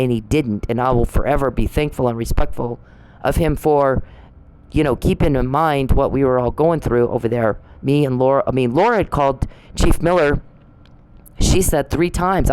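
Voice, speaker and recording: A woman's voice: extremely low pitch, a little mellow, poor audio. A woman hosting her own podcast, telling a story bluntly and with swearing, accusing someone she addresses directly. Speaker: podcast host. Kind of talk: angry personal podcast monologue.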